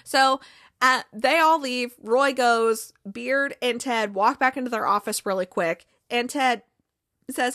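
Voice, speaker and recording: A chatty woman recaps a TV episode, retelling scenes and slipping into quoted lines between laughs. Her voice sits fairly high and sounds dry and close. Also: normal speed, a bit bright, no echo. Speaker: TV recap podcast host.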